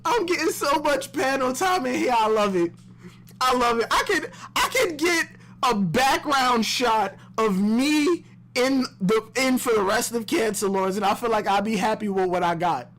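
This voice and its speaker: A man streaming a live comic-chapter reaction, excitable and slangy, breaking into high shouts and laughter and repeating himself. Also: a little slow.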